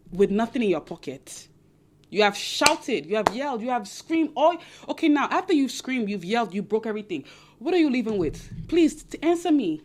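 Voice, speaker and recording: A young woman with a non-American English accent giving casual dating advice to her viewers, animated and repetitive, often acting out what other people say. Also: a little high. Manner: animated, repetitive, acts out quoted voices.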